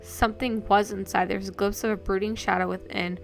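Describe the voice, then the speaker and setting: A woman reads a fantasy gamebook aloud in second person, at a mid pitch, sometimes stumbling and correcting herself. Soft music plays faintly behind her. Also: little pitch movement, fairly quick, creaky. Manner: reads aloud with small slips and self-corrections. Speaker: streamer reading a gamebook. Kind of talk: second-person story narration.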